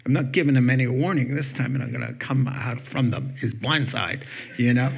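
A man's voice: medium pitch, brisk, gravelly, husky, muffled recording. A man preaching a sermon, telling stories with acted-out voices and laughing at his own jokes. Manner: animated storytelling, acts out voices and laughs. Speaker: pastor.

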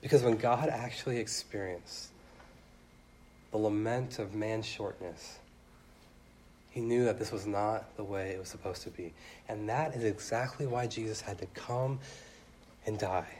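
A young man preaching a sermon earnestly, his voice swelling loud and then dropping soft. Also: lowish voice, a little slow, long pauses, a little hiss or hum.

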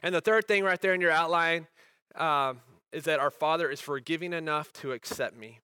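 A man delivers a sermon as a pastor, his voice bright and a touch higher than most. He is earnest, pushing up to emphatic peaks before falling soft and quiet. The sound is close and dry, with no room around it. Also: moderate pace, clean tone, no echo.

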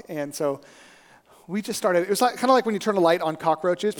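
Animated high-voiced preacher in a hall. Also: male voice. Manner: animated, conversational, asks "right?" often. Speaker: pastor. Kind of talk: storytelling sermon. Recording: reverberant hall.

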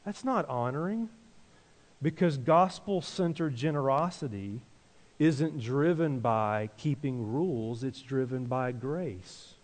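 A man's voice: mid-range voice, expressive, slow. A male pastor preaching a conversational sermon. He asks the congregation questions and leads them in call-and-response. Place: church sanctuary. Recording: long reverb of a large church hall.

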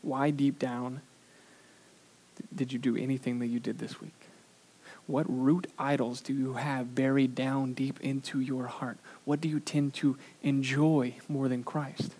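A man preaching a sermon in an earnest way, sometimes pausing on "uh", who pushes his voice up for emphasis and then drops it low and quiet. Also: level tone, breathy edge. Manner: earnest preaching with frequent "uh" fillers. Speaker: pastor.

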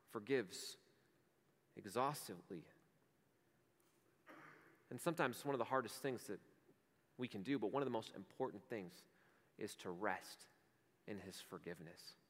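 Man, pastor, sermon, earnest storytelling, medium pitch, long hall reverb. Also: a bit bright. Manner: earnest, conversational preaching with vivid stories.

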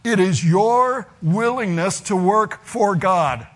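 High-voiced man preaching emphatically. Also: fairly bright tone. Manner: emphatic, deliberate preaching with slow stressed phrases. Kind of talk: sermon teaching.

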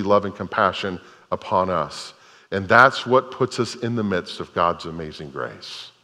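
A man's voice: fairly low pitch, a bit bright, in a large hall. A man preaching a sermon as a pastor, earnest, repeating phrases for emphasis.

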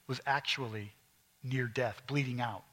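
A middle-aged male pastor preaching a sermon, emphatic at times and dropping to quiet, intense asides. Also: medium pitch, fairly even intonation, measured pace.

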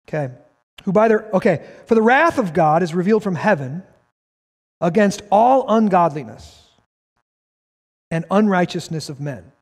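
A man delivers a sermon as pastor, reading scripture aloud and driving his points home with emphatic bursts. His voice sits high for a man. It rings out with a long reverb, as if in a large worship hall. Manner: emphatic, rises to shouts, reads scripture aloud.

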